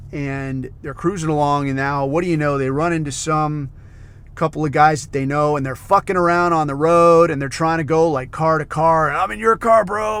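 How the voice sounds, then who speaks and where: Male podcast host, cussing rambler with a slightly raised pitch, loose casual monologue. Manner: profane, rambling storyteller, heavy on fillers.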